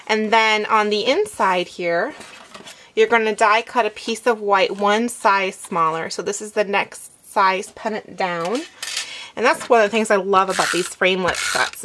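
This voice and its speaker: A woman hosting a craft tutorial, explaining each step in a relaxed instructive way with some fillers as she works. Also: medium pitch, unhurried, slight background noise. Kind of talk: demonstration, talking while working.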